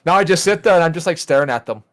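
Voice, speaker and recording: A man's voice: a little high, animated, racing, a bit bright, no echo, clean studio sound. A man co-hosting a podcast over a voice call, ranting with lots of swearing and acting out his own outbursts. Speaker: podcast co-host. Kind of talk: casual chat over a call. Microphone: voice call mic.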